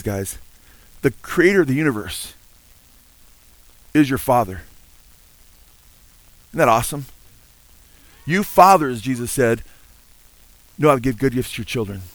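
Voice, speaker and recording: An older man preaching with earnest feeling and frequent amens. He now and then breaks into hymn lines. His voice sits in a middle pitch, and the recording is dry. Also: very animated, normal speed, pauses often, no room sound, rough recording. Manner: sings hymn lines between teaching. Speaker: pastor. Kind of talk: sermon.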